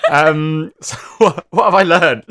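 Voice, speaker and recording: A man playing a tabletop game, musing and quizzical as he thinks out loud. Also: a little high, takes it slowly, no echo, studio quality. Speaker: player. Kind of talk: casual tabletop game banter.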